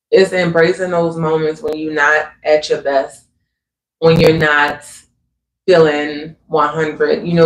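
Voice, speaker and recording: A man hosting a livestream, talking earnestly and conversationally about spiritual growth, often adding "you know what I'm saying". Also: fairly high pitch. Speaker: livestream host. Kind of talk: reflective spiritual talk. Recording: echoey room with faint ambience.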